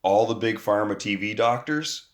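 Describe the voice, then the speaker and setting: Deep-voiced man ranting angrily. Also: moderate pace. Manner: angry, profane rant with mocking quoted voices. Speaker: vlogger. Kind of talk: ranting to camera. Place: outdoors. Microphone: phone.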